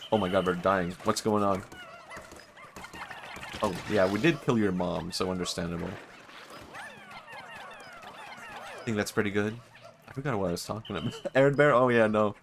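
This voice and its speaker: Laid-back man, lowish voice. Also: a little hiss or hum. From Sweden. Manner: chatty, self-amused, laughs often. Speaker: streamer. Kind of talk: casual gaming stream chat.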